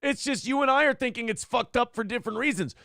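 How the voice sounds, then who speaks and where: A man co-hosting a talk show, ranting in a sarcastic, animated way. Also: very high voice, quick pace, no room sound, studio quality. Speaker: co-host. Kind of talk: casual chat.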